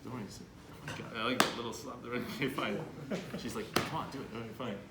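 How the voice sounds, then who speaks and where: Speaking to a room of students, this workshop leader keeps things upbeat and coaxes answers out of them with questions. He has a mid-range, steady voice and talks a little fast. The recording carries room echo and a faint hum of background noise.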